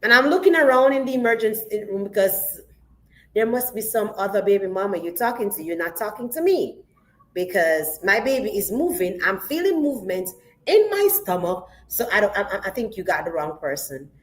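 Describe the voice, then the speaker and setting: A woman's voice: mid-range voice, big pitch swings, fairly quick, low-quality recording. A woman pastor sharing a personal testimony in an interview, telling it vividly and with emotion and acting out the dialogue.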